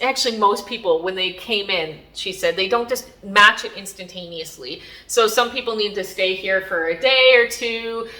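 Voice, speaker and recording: A woman recounts a personal experience in a casual vlog, her voice bright and clear. She rambles a bit and leans on little fillers as she goes. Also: medium pitch. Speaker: spiritual vlogger. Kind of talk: casual storytelling.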